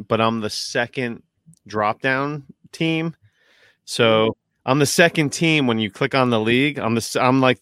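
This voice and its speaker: A man chatting casually as a podcast host, telling a story in an excitable, profane way and often trailing off mid-sentence. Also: mid-range voice, smooth, dry recording. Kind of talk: casual chat. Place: at home.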